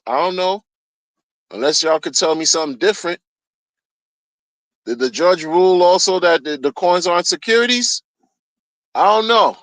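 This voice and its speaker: A man's voice: on the high side, moderate pace, a bit bright, no echo, rough recording. A man streaming a heated solo rant, agitated and profane, often repeating himself.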